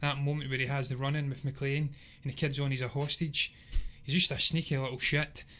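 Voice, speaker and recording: A man's voice: medium pitch, little pitch movement, a little fast, bright, forceful tone. A man co-hosting a casual movie review podcast, talking emphatically and at length. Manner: emphatic, chatty, rambling. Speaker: podcast co-host.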